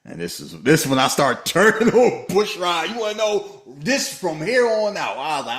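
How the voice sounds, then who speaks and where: A man co-hosting a casual movie-review podcast, joking and animated, often slipping into mock voices. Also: moderate pace, roomy sound. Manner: animated, jokey, slips into high-pitched mock voices. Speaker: podcast co-host.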